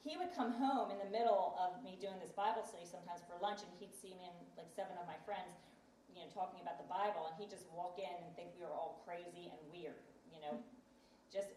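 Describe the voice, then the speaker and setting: A woman's voice: on the low side, a little fast, warm tone, echoey room, far from the mic, slight background noise, low-quality recording. A woman casually telling a personal story, chatty and acting out what others said. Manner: chatty, acts out quoted voices. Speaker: guest telling her faith story.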